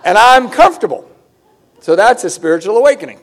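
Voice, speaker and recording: A man of about fifty tells a comic story live in a high-pitched, brisk voice. He's animated and self-mocking, acting out the voices of the characters.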